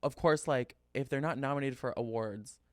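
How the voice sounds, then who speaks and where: A young man co-hosting a casual pop-culture podcast chat, giggly and animated, with plenty of filler words. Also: medium pitch, moderate pace, no echo, clean studio sound. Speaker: podcast co-host.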